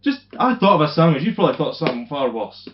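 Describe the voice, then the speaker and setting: Scottish podcast co-host, halting and rambling, mid pitch, off-mic with a muffled echo. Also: male voice, big pitch swings, distant mic, background noise. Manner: hesitant, rambling, trailing off. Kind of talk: casual chat.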